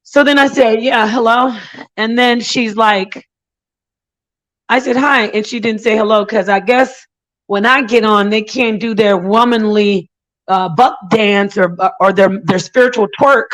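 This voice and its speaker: A woman with a fairly high voice rants casually and indignantly to her stream. She tells her story in a run of quick asides and now and then mocks other people with sugary impressions. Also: fairly even intonation, poor audio. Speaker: channel host. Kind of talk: casual livestream rant.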